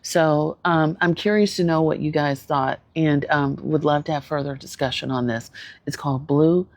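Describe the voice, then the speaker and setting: A woman's voice: deep voice, normal speed, no room sound. A woman therapist giving her casual thoughts on a show, thoughtful and hesitant with many ums and restarts. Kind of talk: casual video commentary.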